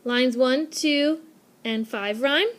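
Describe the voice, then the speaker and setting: Recorded on a tablet microphone, a young adult woman with a slightly high voice for a woman narrates a classroom lesson. She teaches in an upbeat, clear way, repeating key points to drive them home, and she takes it slowly.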